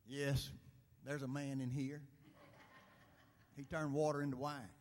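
A man dramatically reciting a poem in church, swinging from loud declarations to hushed whispers. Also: mid-range voice, flat delivery, unhurried.

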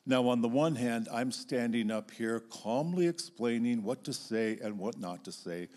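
A middle-aged man giving an earnest, expressive teaching talk as a Christian speaker, standing before an audience. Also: mid-range voice, normal speed. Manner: earnest and expressive, acting out emotional outbursts.

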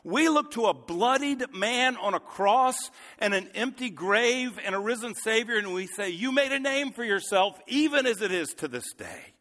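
A man delivers a sermon from the pulpit in a fairly high, bright and forceful voice. He speaks with earnest conviction that swells into fervent emphasis. His words carry a long reverb, as in a large church hall. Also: lively intonation, normal speed, hardly any pauses. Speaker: pastor.

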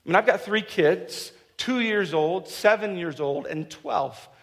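A man in his thirties delivering a sermon to his church, with a noticeably high voice. His preaching is animated and humorous. He slips into quick acted-out lines. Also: vocal fry. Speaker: pastor.

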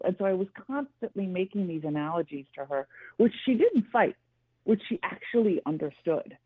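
A woman's voice: fairly low pitch, animated, moderate pace, husky, no room sound. A middle-aged woman, a guest columnist, telling her story earnestly and emphatically in a radio interview. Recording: tinny dry phone line.

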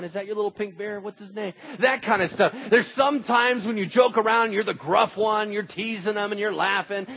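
Animated high-voiced pastor, dull recording. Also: male voice, breathy edge. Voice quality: self-described huge voice. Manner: animated storytelling, swinging from loud to hushed. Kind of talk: sermon. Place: church.

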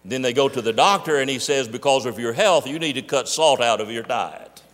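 Emphatic preacher in an echoing hall. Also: male voice, medium pitch, a bit bright. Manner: emphatic, slows down to stress key words. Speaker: pastor. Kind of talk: sermon.

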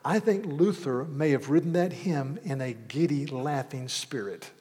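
A man's voice: on the high side, unhurried, mellow. A man preaching a sermon in an earnest style that rises to emphatic bursts, in a church sanctuary. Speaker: pastor. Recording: long hall reverb.

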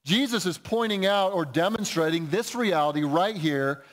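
A pastor preaching a sermon in a conversational, explaining way, often restarting phrases. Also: male voice, high voice, normal speed.

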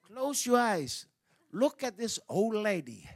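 A man preaching a sermon, animated, moving from quiet asides to shouts, with halting repeats and slightly non-native phrasing. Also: high-pitched.

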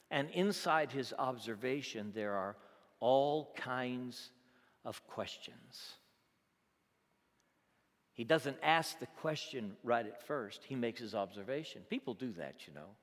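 A man's voice: medium pitch, expressive, slow, long pauses. Preaching man in a reverberant hall. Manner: swings from loud exclamation to quiet conversational asides. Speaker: pastor. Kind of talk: sermon. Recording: long reverb of a large hall.

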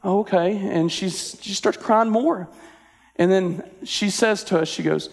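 A man's voice: sits high, measured pace, creaky. A young man, preaching a sermon in an earnest, conversational way, telling a personal story and leading a prayer. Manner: earnest, conversational with filler words. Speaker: pastor. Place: church sanctuary. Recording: long reverb in a hall.

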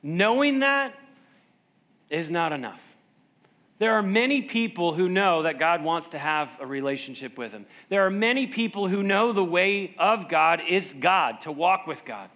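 A middle-aged man preaching a sermon, asking rhetorical questions and acting out scripture quotes in animated voices, sometimes dropping to a slow, quiet delivery for emphasis. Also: high voice. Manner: asks rhetorical questions to the congregation. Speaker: pastor.

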